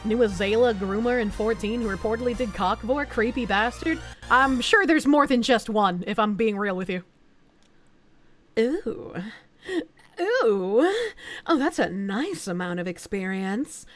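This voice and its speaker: A woman streamer commentating casually on a game, reacting quickly and swearing freely. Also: a little high, lively intonation, faint music behind.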